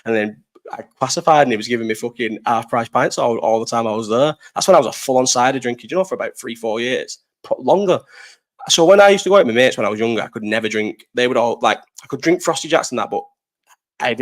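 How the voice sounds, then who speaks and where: A young streamer from Bolton in North West England speaks quickly at medium pitch, in a Lancashire accent. He answers his viewers' live chat in a rambling, casual way, with lots of swearing and laughter.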